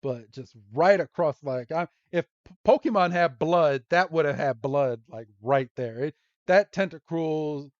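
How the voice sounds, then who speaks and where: A man hosting a podcast, recapping a cartoon episode in a casual, giggly, animated way. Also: fairly high pitch, no room sound, muffled recording. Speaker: podcast host.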